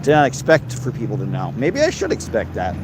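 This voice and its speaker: A man's voice: mid-range voice, wildly swooping pitch, brisk. A man hosting a casual livestream and reading out comments, with crude, mock-threatening jokes. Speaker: livestream host. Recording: noisy outdoor background.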